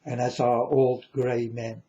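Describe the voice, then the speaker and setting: Man, slow halting delivery, mellow dark tone, solemn, repeats himself, muffled low-fi recording. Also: little pitch movement. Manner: solemn, halting, repeats phrases, sometimes loud. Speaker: self-styled prophet. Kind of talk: religious monologue to viewers.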